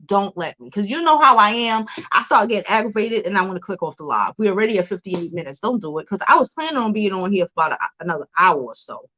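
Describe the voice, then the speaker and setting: A woman's voice: medium pitch, animated, fast talker, hardly any pauses, pushed and bright, dull audio. A woman hosting a casual celebrity news livestream, chatty, laughing often and cursing freely.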